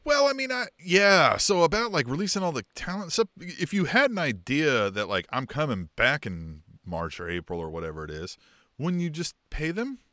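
A man's voice: fairly high pitch, sing-song, normal speed, bright, forceful tone, dry recording, studio quality. A man co-hosting a wrestling podcast, joking and swearing in casual chat and reading out news items. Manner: laughs often, joking, swears.

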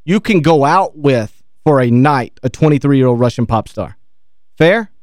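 A man co-hosting a radio show in casual banter, arguing his point quickly and emphatically. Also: mid-range voice, animated, a little mellow, no room sound, clean studio sound.

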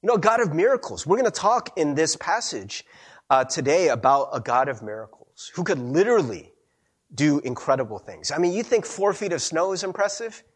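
A young man preaching a sermon as a pastor, telling stories in a chatty, animated way with frequent laughs and a husky voice. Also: a little high, a little fast.

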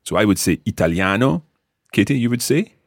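Deep husky Scottish man teaching. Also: animated, a little fast, dry recording, studio quality. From Scotland. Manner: patient, clear, modelling words for learners. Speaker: language teacher. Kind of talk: podcast language lesson.

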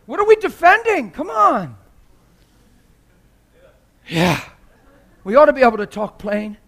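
A man preaching as a visiting preacher in a church, passionate and joking, often laughing mid-sermon, sometimes quiet and sometimes loud. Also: very high voice, huge pitch swings, unhurried.

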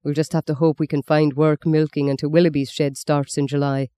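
Weary middle-aged working father, voiced by a male reader, flat resignation, dry close sound. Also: on the high side, brisk, clear, resonant tone, dry recording, natural voice. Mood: resigned.

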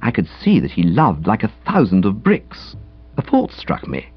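A man reading a comic novel aloud in a breezy, chatty, very expressive manner. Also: on the low side, normal speed, husky, dry recording, muffled recording, faint music behind. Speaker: audiobook narrator. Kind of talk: comic audiobook narration.

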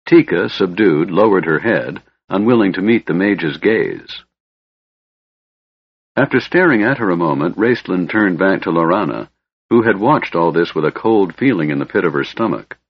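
A man narrating a fantasy audiobook in a measured, even storytelling manner, on a dull lo-fi recording. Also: deep voice, slightly rough, no room sound.

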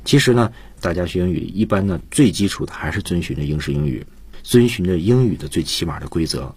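A man teaching English on a radio lesson, explaining points in a calm, explanatory way. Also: low voice, quick pace, slightly rough, no echo. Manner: explanatory, switches between Chinese and English.

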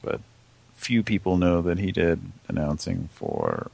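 A man's voice: low-pitched, wildly swooping pitch, unhurried, vocal fry, a little mellow. A man co-hosting a casual show over a voice call, laid-back and often laughing between jokes. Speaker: co-host.

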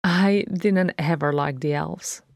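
A woman reading a flat, sarcastic dwarf. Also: on the low side, takes it slowly, creaky, no room sound, clean studio sound. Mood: glum. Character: sardonic male dwarf, weary younger brother. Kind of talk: audiobook fan fiction reading.

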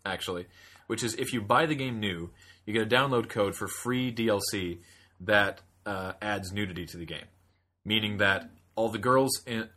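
A man's voice: fairly low pitch, sharp tone. A young man co-hosting a podcast, telling stories in casual chat with rambling laughing asides. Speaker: podcast co-host.

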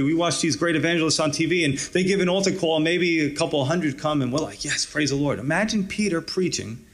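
A pastor preaching a conversational, encouraging sermon, often adding "you know" and "right". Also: male voice, on the high side.

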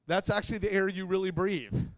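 A man preaching to a congregation in a relaxed, conversational sermon. He keeps it light with jokes and asks his listeners questions as he goes. His voice sits a little higher than most men's. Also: brisk. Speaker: pastor.

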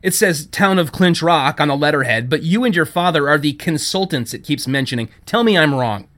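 A man's voice: on the high side, animated, a little fast, a bit bright. A man reading a story, voicing an indignant, sarcastic young woman who works in a shop. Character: sharp-tongued young woman, fiery shop worker.

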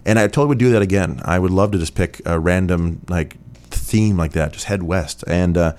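Deep-voiced chatty podcast host. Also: male voice, brisk, darkish tone. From Rochester, New York. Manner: rambling, chatty, many fillers. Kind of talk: casual listener Q&A.

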